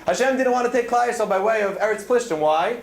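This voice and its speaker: High-voiced man giving an earnest Torah talk. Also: fast, echoey room. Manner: earnest storytelling, weaving in Hebrew terms. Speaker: speaker at a student event. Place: event hall.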